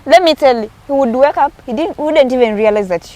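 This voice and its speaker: Woman, fairly high voice, telling pregnancy stories, people talking in the background. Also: animated, fairly quick, a crowd in the background. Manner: confiding, reflective storytelling. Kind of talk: casual chat.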